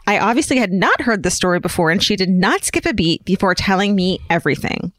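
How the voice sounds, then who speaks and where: A woman co-hosting a podcast, reading a listener's letter aloud with animated storytelling. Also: mid-range voice, fast talker, no room sound. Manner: animated storytelling, lively delivery. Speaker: podcast co-host.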